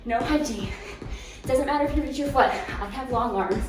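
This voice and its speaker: A woman's voice: sits high, moderate pace, over loud music. A woman leading a follow-along home workout, cueing moves, counting down and encouraging, a little out of breath at times. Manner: encouraging cues with counting and laughs. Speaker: fitness instructor. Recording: very echoey room, distant mic, faint noise.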